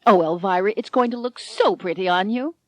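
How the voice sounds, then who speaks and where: A woman voicing a stern middle-aged head nurse who is softening. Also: mid-range voice, fairly quick, no echo, close to an everyday voice. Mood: moved.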